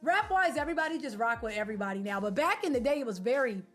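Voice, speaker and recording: Woman streamer w a high voice, slangy and loose, rambling to chat over faint music. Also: fast. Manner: animated, slangy, loose and opinionated. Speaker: game streamer. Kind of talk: casual chat with live viewers.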